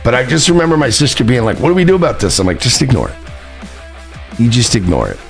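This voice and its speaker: A man's voice: medium pitch, sing-song, fast talker, gravelly, faint music behind. A man hosting his own stream, rambling and mocking with heavy profanity and lots of fillers. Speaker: streamer and show host. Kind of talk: casual stream commentary.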